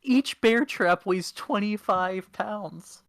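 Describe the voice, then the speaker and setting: A man acting as game master, narrating a tabletop game over voice chat in a relaxed, self-deprecating way. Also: high voice, slow pace, vocal fry, no echo.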